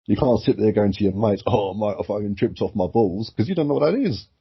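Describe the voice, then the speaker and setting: Deep husky-voiced swearing bloke. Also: male voice, quick pace. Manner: swears freely, rambling and animated. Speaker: podcast co-host. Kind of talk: casual chat. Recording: muffled lo-fi sound.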